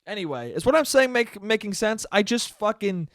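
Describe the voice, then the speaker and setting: A man rants alone into the mic, his voice pitched high for a man and swinging into sudden loud bursts of exasperation. He swears freely and talks fast in a casual monologue. The sound is dry and close, with no room echo. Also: sing-song. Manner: profane, exasperated ranting with sudden loud spikes. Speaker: podcast host. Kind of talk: solo ranting podcast monologue.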